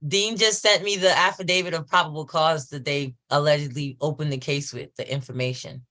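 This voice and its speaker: A man on a livestream calmly explaining his own legal paperwork plans. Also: a little high, a little fast. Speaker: guest on the stream. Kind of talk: casual chat.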